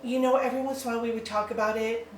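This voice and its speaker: A middle-aged woman talking in a relaxed, rambling way, filling her pauses with ums and little laughs. She sits away from the microphone, so her voice carries a roomy echo. A faint hum of ambience sits behind her. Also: a little high, distant mic. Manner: rambling, hesitant, many ums and likes, laughs often. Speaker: adoptive mother, interview guest. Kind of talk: casual interview.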